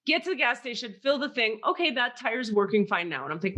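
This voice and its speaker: Animated woman telling a story. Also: a little high, a little fast, hardly any pauses. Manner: animated storyteller, acts out quoted voices. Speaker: podcast co-host. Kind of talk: casual chat.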